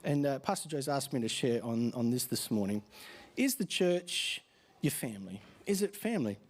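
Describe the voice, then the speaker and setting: A middle-aged pastor giving a casual, joking sermon, asking the congregation questions. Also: male voice, medium pitch, lively intonation, normal speed. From Australia. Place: church hall with congregation.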